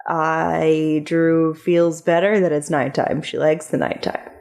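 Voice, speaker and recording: Slow, tentative woman player. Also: low-pitched, level tone, creaky, a little mellow. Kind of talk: casual chat.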